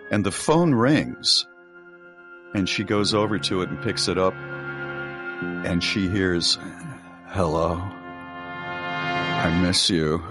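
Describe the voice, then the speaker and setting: Animated low-voiced male radio host. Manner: animated storyteller acting out quotes. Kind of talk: casual radio chat, retelling a story.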